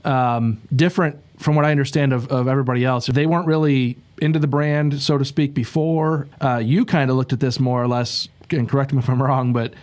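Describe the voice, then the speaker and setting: Male interviewer, hesitant questions, middle pitch. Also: fairly even intonation, brisk, few pauses, a little mellow.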